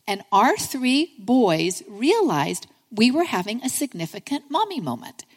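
Middle-aged woman preacher, slightly high voice, warm conversational storytelling delivery, heard with hall reverb. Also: sing-song, unhurried. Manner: earnest, conversational, addresses listeners as friends. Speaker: speaker giving a sermon. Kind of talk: sermon with personal storytelling.

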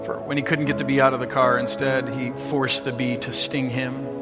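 A middle-aged male pastor preaching a sermon, swinging from loud, emphatic lines to hushed storytelling and stretching out the scripture lines slowly. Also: medium pitch, little pitch movement. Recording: long hall reverb with music behind.

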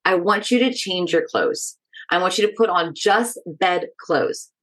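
A woman's voice: fairly low pitch, animated, a little slow, fairly bright tone. A woman speaking as a stress management educator in a casual podcast interview, talking directly and energetically and often checking in with "right?".

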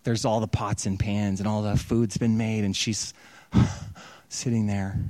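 A man's voice: lowish voice, flat delivery, a little slow, mellow, dry recording. A man preaching, animatedly retelling a story and acting out its quotes in a casual sermon style. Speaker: pastor.

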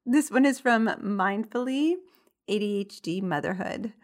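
A woman's voice: medium pitch, measured pace. Giggly chatty woman host. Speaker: podcast host. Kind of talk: casual reading of listener stories.

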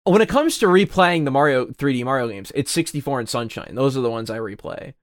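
A young man chatting casually as a podcast co-host, rambling with hesitant restarts and casual swearing, often trailing off quietly. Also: medium pitch, expressive, fast talker, dry recording, studio quality. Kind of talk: casual chat.

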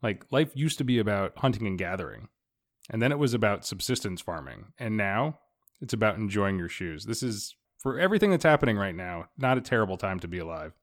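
A man's voice: lowish voice, lively intonation, a little fast. A man in his thirties co-hosting a casual podcast, talking with dry, wry humor. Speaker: podcast co-host.

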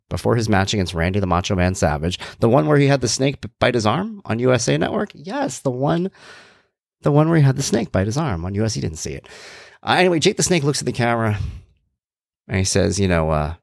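A man's voice: fairly low pitch, sing-song, fast, creaky, dry recording, studio quality. A middle-aged man hosting a podcast, talking candidly in a rambling monologue with jokey asides. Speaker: podcast host.

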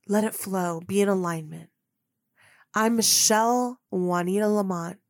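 A woman's voice: mid-range voice, a little slow, no echo, clean studio sound. A woman hosting her own podcast as a manifestation coach, speaking in an earnest, heartfelt monologue and repeating phrases for emphasis.

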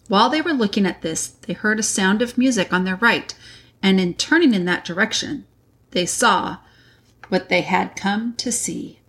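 A woman reads a classic children's novel aloud with measured, deliberate pacing. Her voice sits at an ordinary middle pitch. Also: fairly bright tone. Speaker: reader. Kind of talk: audiobook narration.

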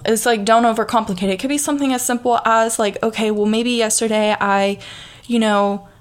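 A young woman with a Southern accent talks through a casual motivational podcast monologue, full of fillers and restarts. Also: mid-range voice. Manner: chatty, frequent fillers and restarts, laughs easily. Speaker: podcast host.

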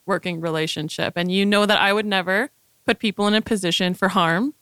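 A woman in casual conversation with a smooth, clear voice, laughing along and backing up her friend's points. The sound is close and dry. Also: medium pitch, brisk, fairly bright tone, no room sound. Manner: supportive, laughs along, finishes his thoughts. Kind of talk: casual chat.

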